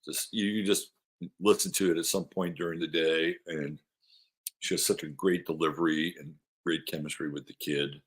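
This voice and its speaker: A man's voice: extremely low pitch, fairly even intonation, normal speed. A man hosting an astrology podcast, talking casually and rambling, often repeating himself as he goes. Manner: coos softly to his dog.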